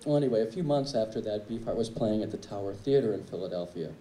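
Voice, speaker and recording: A man's voice: on the low side, lively intonation, quick pace, dark tone, a little hiss or hum. Wry male drummer telling stories in an echoey club. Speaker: drummer telling a tribute story. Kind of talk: anecdotal storytelling speech. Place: live music club stage. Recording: echoey club with faint ambience.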